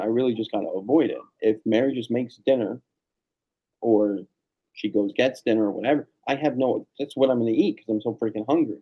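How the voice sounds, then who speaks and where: A man chatting casually on a family vlog, telling animated stories with casual swearing. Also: mid-range voice, husky, lo-fi sound. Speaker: vlogger, family channel dad. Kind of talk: casual chat.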